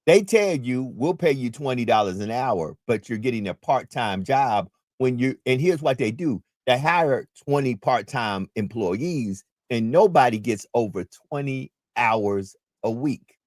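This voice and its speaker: A man's voice: medium pitch, animated, unhurried, darkish tone, no room sound, clean studio sound. A man hosting a community talk radio show, speaking in an emphatic, preacherly way and repeating his key points.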